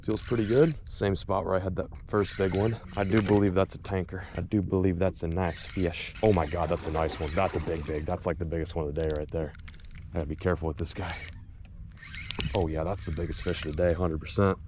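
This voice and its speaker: A young man vlogging while fishing outdoors in winter, talking excitedly to the camera as he reels in fish. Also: sits low, a little fast, background noise. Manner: excitable, exclaiming and laughing while reeling in fish. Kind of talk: casual on-camera fishing commentary.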